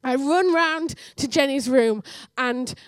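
A woman giving a sermon in church, telling a story and acting out the dialogue with lively energy. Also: sits high, slow, no echo, studio quality. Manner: animated storytelling, acts out dialogue. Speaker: church speaker.

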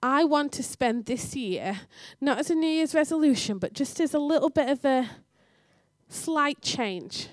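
A woman giving a sermon in church, telling a story and acting out the dialogue with lively energy. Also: high voice, unhurried, dry recording, studio quality. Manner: animated storytelling, acts out dialogue. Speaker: church speaker.

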